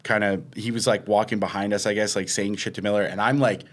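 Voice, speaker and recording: A man's voice: on the low side, flat delivery, fast talker. A young man co-hosting a podcast, telling a long rambling story in casual chat and acting out what others said. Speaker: podcast co-host.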